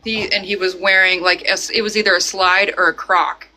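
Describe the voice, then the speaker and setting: Bright-voiced woman on a live call. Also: medium pitch, level tone, fairly quick, slight background noise, poor audio. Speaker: caller on a live reading. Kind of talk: casual live-stream talk.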